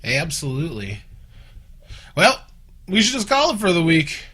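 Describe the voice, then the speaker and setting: A man's voice: a little high, wildly swooping pitch, normal speed, bright, forceful tone, slightly rough. A man co-hosting a podcast in casual chat, throwing in sarcastic and absurd quips. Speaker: podcast co-host.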